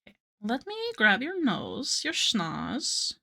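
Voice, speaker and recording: A woman's voice: a little high, huge pitch swings, takes it slowly, creaky, pushed and bright. A woman art streamer chatting casually with her viewers, rambling with lots of fillers and little giggles. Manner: chats with live viewers between tangents. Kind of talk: casual chat while drawing.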